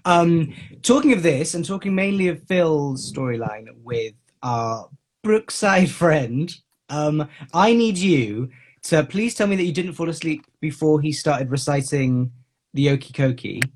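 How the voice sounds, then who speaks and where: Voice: mid-range voice, expressive, unhurried, a little hiss or hum. A podcast co-host chatting casually, teasing and giggling often. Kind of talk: casual chat.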